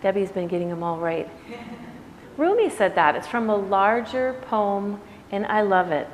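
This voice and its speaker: A woman's voice: medium pitch, lively intonation, unhurried. A woman yoga teacher giving a casual, reflective talk to her class, conversational and full of "you know"s. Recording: echoey room with faint background noise.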